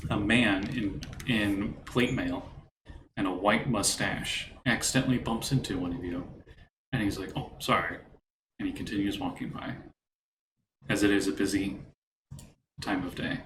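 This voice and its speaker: Easygoing low-voiced male game master. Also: fairly bright tone. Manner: casual, loose storytelling with fillers. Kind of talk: narrating a tabletop game. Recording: roomy echo with faint background noise.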